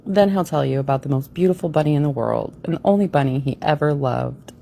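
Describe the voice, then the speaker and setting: A woman's voice: low voice, fast talker, gravelly, warm tone, a little hiss or hum. A woman reading a comic grown-up story aloud on a radio show, giggling and ad-libbing with curse words. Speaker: co-host.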